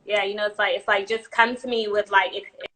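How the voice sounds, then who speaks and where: A woman's voice: medium pitch, little pitch movement, fast, bright, forceful tone. A woman hosting an interview over a video call, asking casual questions. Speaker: interview host.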